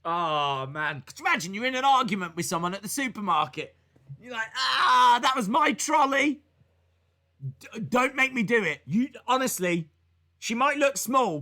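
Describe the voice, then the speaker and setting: A man's voice: high-pitched, very animated, normal speed, pushed and bright. A man casually reacting to wrestling live, joking, rambling and acting out silly voices.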